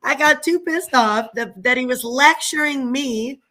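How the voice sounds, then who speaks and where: A woman's voice: high voice, measured pace, bright, forceful tone. A woman chatting casually on a livestream, venting animatedly and laughing often as she tells a story. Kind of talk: casual chat.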